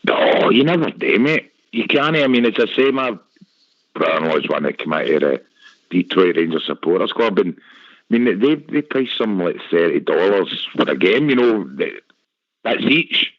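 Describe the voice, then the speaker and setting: Low-voiced panelist telling stories. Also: male voice, moderate pace, no echo. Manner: storytelling, animated asides. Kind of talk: casual radio banter. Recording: dry, dull lo-fi audio.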